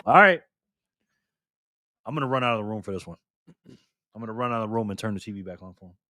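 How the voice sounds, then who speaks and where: A man hosting a casual live stream, reading the chat aloud with excitement and frequent laughter. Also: lowish voice, fast talker, no room sound, studio quality.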